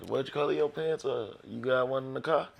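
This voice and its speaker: A man's voice: medium pitch, brisk, gravelly, a little hiss or hum. A man co-hosting a casual sports podcast, laid-back and joking as he talks with friends. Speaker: podcast co-host.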